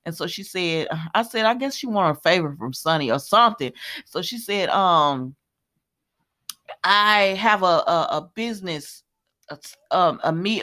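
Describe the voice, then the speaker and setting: A woman with a slightly low voice retells a soap episode in casual, colloquial chat. She breaks in with her own wry asides and speaks straight to her viewers. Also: pushed and bright. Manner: chatty, retells scenes with running commentary and laughs; colloquial, addresses viewers as y'all. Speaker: soap opera recap host.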